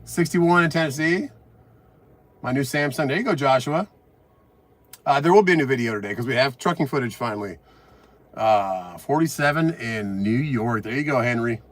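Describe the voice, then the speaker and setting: Middle-aged trucker guy live on his phone from the cab, chatting and shouting out viewers, bit winded. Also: medium pitch, expressive, moderate pace. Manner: reads out viewer comments, upbeat and chatty. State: a bit out of breath. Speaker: trucker streamer. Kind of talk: casual live-stream chat. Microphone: phone on the dash.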